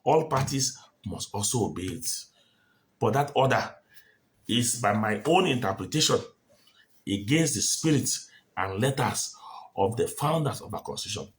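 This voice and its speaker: A man's voice: medium pitch, animated, normal speed. A man giving his legal opinion on a court order, emphatic and repeating his key phrases. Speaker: legal commentator. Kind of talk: spoken opinion commentary.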